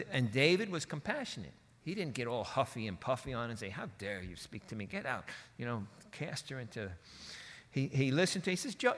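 A man delivers a sermon with a bright, forceful voice. He talks in a conversational, folksy way and slips into quick quoted voices and asides. Long reverb from a large hall trails each phrase. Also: on the high side. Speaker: preacher.

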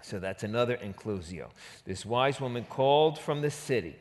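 New York man teaching scripture, lively. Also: mid-range voice, moderate pace, long reverb tail. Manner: lively, acts out quotes in casual slang. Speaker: Bible teacher. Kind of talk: expository Bible teaching.

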